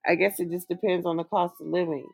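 A woman's voice: lowish voice, fairly even intonation, fast talker, gravelly. A woman co-hosting a casual chat show, laid-back and chatty, laughing often as she reads listener letters and gives advice. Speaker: podcast co-host.

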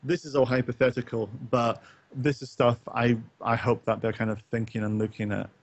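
A man thinks aloud in a loose late-night chat, circling back with "um"s and false starts and tossing in the odd swear word. His voice sits at an ordinary middle pitch. The sound is muffled and lo-fi, with a dry, close feel and no room around it. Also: level tone, moderate pace, no echo. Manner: rambling, many fillers and restarts, casual swearing. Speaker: co-host of a gaming talk stream.

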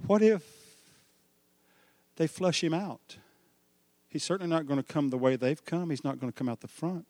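High-voiced animated preacher. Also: male voice, normal speed, no room sound, long reverb tail. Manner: animated storytelling preacher, swings from hushed to shouting. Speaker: pastor. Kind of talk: sermon.

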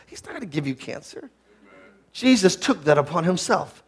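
A male pastor preaching a sermon, rising to shouted peaks and dropping to low, hushed teaching, with many rhetorical questions to the listeners. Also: big pitch swings, normal speed, husky.

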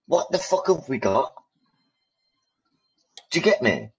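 A husky-voiced man talks bluntly in a heated podcast chat, swearing freely and hammering his points home by repeating them. The audio sounds dull and lo-fi. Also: medium pitch, very animated, unhurried, long pauses. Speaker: podcast host.

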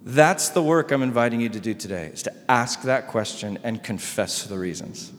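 A male pastor preaching a sermon, swinging between loud emphatic lines and soft hushed ones. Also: medium pitch, animated, moderate pace, hardly any pauses, in a large hall, a little hiss or hum.

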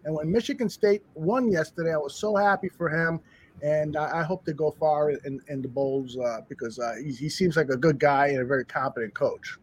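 A man co-hosting a casual sports talk show, telling stories in an animated way with many restarts. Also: a little high, brisk, slight background noise. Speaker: podcast co-host. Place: studio bar room.

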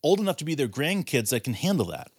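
A man's voice: on the high side, very animated, fast talker, husky, no room sound, studio quality. A man co-hosting a casual sports talk show, arguing his point with rambling sentences and rhetorical questions. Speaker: podcast co-host.

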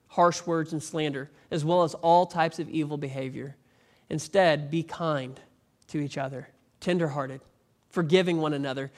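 Animated high-voiced male pastor preaching. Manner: animated, rising to emphatic near-shouting peaks; conversational preaching with repeated restarts. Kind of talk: sermon.

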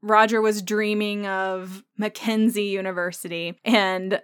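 A woman's voice: medium pitch, little pitch movement, unhurried, clean tone, dry recording. Woman podcast host, conversational and musing, resonant tone in a dry booth sound. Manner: thoughtful, conversational, thinking aloud with fillers. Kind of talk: solo podcast episode discussion.

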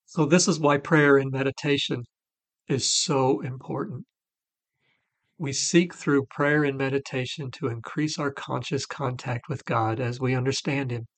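A man's voice: medium pitch, steady tone, measured pace. Earnest middle-aged man sharing testimony. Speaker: recovery podcast co-host. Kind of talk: faith-based recovery talk.

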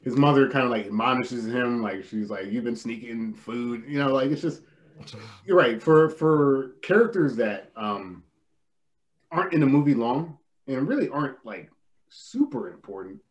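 A man's voice: medium pitch, big pitch swings, normal speed, dull audio. A man co-hosting a casual film discussion podcast, talking in a loose, rambling, hesitant way. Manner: rambling, hesitant, many fillers and restarts. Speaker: podcast co-host.

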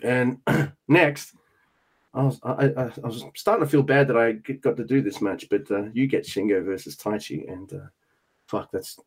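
Male co-host, casual recap, rattles off moves in quick bursts. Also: mid-range voice, slightly rough. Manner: quick play-by-play bursts, swears when surprised. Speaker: podcast co-host. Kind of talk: casual match recap chat.

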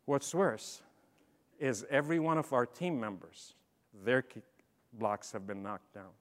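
A man's voice: mid-range voice, animated, measured pace. Middle-aged man giving a storytelling talk. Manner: storytelling, swings from quiet to loud emphatic bursts. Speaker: speaker. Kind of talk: motivational leadership talk. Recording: long hall reverb.

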